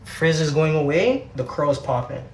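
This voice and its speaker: A man's voice: on the high side, animated, moderate pace, darkish tone, a little hiss or hum. Chatty Canadian guy in an echoey room. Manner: chatty, laid-back, repeats words, slangy. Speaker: hair tutorial livestreamer. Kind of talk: casual livestream chat.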